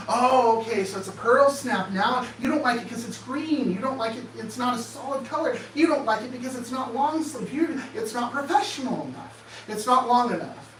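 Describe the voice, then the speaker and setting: A man giving an animated motivational talk, firing off sarcastic rhetorical questions in a presentation room. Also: very high voice, a little fast, slight background noise. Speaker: speaker. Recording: echoey room, distant mic, faint ambience.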